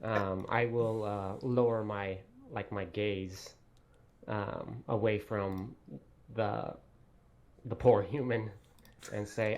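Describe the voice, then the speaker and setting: A man playing in a tabletop role-playing game, declaring his character's actions slowly and hesitantly. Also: lowish voice, steady tone, darkish tone. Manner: slow, hesitant. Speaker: player.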